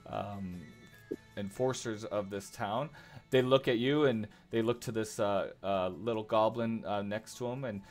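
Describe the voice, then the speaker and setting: A man narrating as game master of a tabletop game, halting with frequent filler sounds. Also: lowish voice, steady tone, faint music behind.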